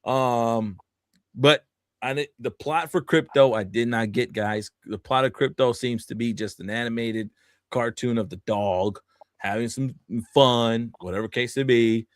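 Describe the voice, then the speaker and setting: A man's voice: mid-range voice, a little slow, dry recording, clean studio sound. A man co-hosting a podcast, ranting casually and animatedly with lots of swearing. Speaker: podcast co-host.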